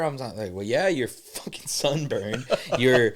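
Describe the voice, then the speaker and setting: A man co-hosting a podcast, telling a story in animated, slangy casual chat and swearing freely. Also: medium pitch, takes it slowly. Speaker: podcast co-host.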